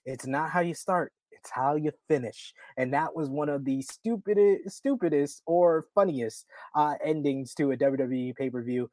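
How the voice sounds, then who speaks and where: A man in his thirties hosting a casual wrestling podcast, rambling with lots of fillers and loud laughs. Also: a little high, normal speed, few pauses, no echo. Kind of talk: casual chat.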